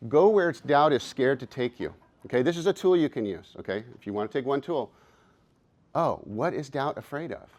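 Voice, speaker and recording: A man in his fifties leads a workshop in a conference room. He speaks in an upbeat, playful and encouraging way. His voice sits at an average pitch. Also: expressive, brisk, a little mellow, muffled recording. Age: 50s. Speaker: workshop presenter and coach. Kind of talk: live workshop talk.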